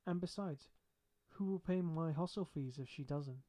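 A man voicing a shy but witty young woman student in an audiobook reading, with a gentle, wry delivery. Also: fairly high pitch, moderate pace, pitched above the performer's own voice, lightly acted. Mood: firm.

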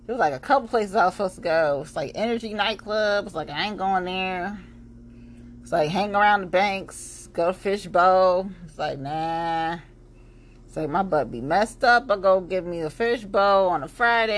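A woman hosting her own podcast, ranting bluntly and profanely, swinging between loud outbursts and low muttering. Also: a little hiss or hum. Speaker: podcast host. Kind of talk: unscripted solo podcast rant.

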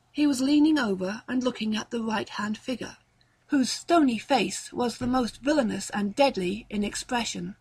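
A woman narrating a story aloud in a measured, even storytelling manner. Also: a little high, husky. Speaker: story reader. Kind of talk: audiobook narration.

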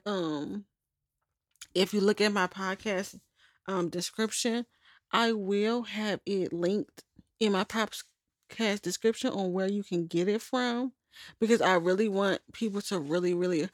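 A woman's voice: medium pitch, no echo, studio quality. A young adult woman hosting a personal podcast, talking candidly in a rambling, self-correcting way. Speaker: podcast host. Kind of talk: personal journal-style podcast monologue.

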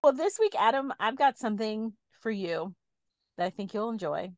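A woman's voice: on the high side, expressive, normal speed, dry recording. A woman co-hosting a podcast, telling a story in a chatty way and laughing easily. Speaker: podcast co-host. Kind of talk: casual chat, storytelling.

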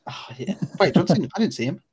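A man's voice: on the high side, animated, quick pace, darkish tone, husky. A man co-hosting a podcast, chatting casually in a rambling, enthusiastic, slangy way. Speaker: podcast co-host. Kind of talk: casual chat.

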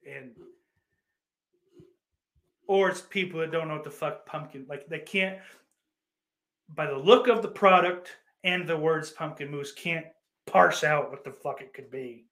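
Streaming in an echoey room, a man reads chat comments aloud and launches into a crude, sarcastic rant full of profanity and mocking yells. His voice is on the higher side, and he takes his time, pausing often.

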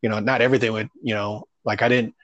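A man's voice: lowish voice, level tone, quick pace, a bit bright, no room sound, dull audio. A man who does stand-up comedy, telling stories about his start in a loose, rambling way, full of fillers and casual swearing. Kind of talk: casual storytelling interview.

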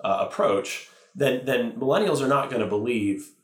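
A man's voice: medium pitch, moderate pace. A male priest and teacher speaking earnestly in a podcast interview, often correcting himself as he goes. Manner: thoughtful, earnest, with self-corrections. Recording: roomy echo.

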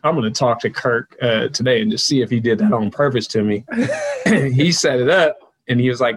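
A man being interviewed as a guest, telling casual stories and acting out the people he quotes in a higher, louder voice. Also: a little fast, slightly rough, rough recording. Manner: animated storyteller, jumps higher and louder when quoting people. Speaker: guest, sports PR consultant.

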